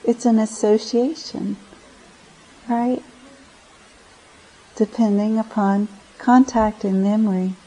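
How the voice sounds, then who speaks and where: A woman meditation teacher giving a gentle, reflective dharma talk at a retreat center, often pausing and restarting her phrases. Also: mid-range voice, steady tone, rough recording.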